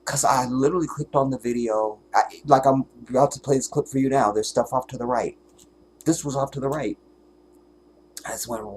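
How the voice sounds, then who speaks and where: A man's voice: mid-range voice, fairly even intonation, darkish tone. Guy on his livestream all choked up and tearful, fervent, keeps dropping to a whisper, medium voice, faint hum behind. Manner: fervent, halting, drops to whispers. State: tearful, holding back crying. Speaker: livestream host. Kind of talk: emotional livestream monologue.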